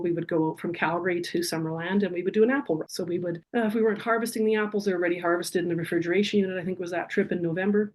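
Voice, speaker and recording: A middle-aged woman, a podcast guest telling a personal story in earnest, vivid detail. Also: on the low side.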